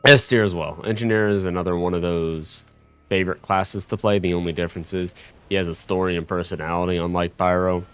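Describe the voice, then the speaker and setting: Low-voiced brash gaming YouTuber man. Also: fairly even intonation, a little fast, smooth. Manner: brash and profane, with joking asides and self-corrections. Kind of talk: casual tier-list commentary read from a script.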